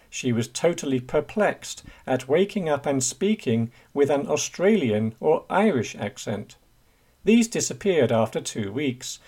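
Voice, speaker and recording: A man reading a scripted news story for English learners in a clear, measured way. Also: medium pitch, darkish tone. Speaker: news reader.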